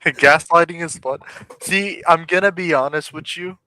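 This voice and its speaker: Bright-voiced man joking around. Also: on the high side, moderate pace, a little hiss or hum, low-quality recording. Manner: joking, teasing, crude humor. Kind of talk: casual chat.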